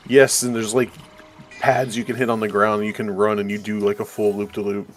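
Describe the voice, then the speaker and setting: Male co-player, relaxed profane banter, lowish voice. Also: brisk, soft background music. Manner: laid-back, profane. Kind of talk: casual chat while gaming.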